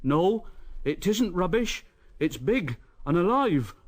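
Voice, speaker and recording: A man's voice: high-pitched, very animated, slow, pitched above the performer's own voice, exaggerated voice. A man doing frightened stubborn workmen. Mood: insistent.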